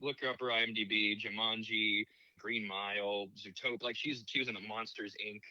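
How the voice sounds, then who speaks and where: A man co-hosting a podcast, joking and rattling off trivia about a film. His voice is very bright and sharp. The recording is dry and a little dull. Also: lowish voice, fairly even intonation, brisk, dry recording. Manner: trivia-listing, jokey. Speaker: podcast co-host. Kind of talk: casual movie discussion.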